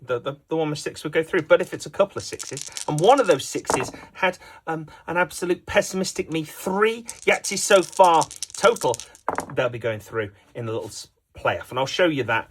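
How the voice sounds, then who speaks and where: A man's voice: on the high side, noisy background. Guy doing jokey dice-game commentary, voice goes up and down a lot. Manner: jokey, lively play-by-play. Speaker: host and commentator.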